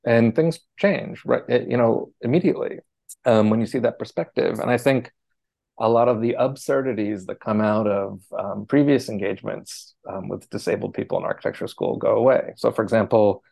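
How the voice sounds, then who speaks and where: A man being interviewed, answering in a thoughtful, hesitant way with many pauses, fillers and restarts. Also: fairly low pitch, creaky, a little mellow, dry recording. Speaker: architecture scholar, interviewee.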